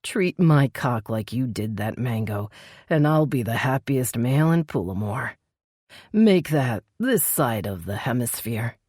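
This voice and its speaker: A woman voicing an intense male vampire prince who speaks in a low, rough, intimate tone. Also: expressive, measured pace, darkish tone, no room sound, studio quality, heavily acted. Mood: husky.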